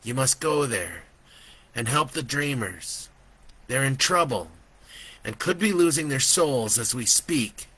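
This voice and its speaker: A man voicing an urgent, ghostly little boy who speaks with slow, solemn insistence. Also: medium pitch, lively intonation, pushed and bright, husky, pitched above the performer's own voice, exaggerated voice. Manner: pleading, commanding, slow and emphatic.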